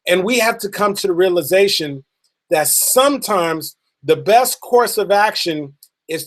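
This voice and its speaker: Earnest high-voiced motivational speaker man. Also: lively intonation. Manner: earnest, emphatic with slow drawn-out key words. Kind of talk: motivational storytelling.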